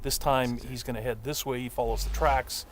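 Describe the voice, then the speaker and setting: A man, a game developer, explaining a gameplay demo with quick talk and many fillers. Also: medium pitch, steady tone, slight background noise. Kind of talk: demo walkthrough commentary.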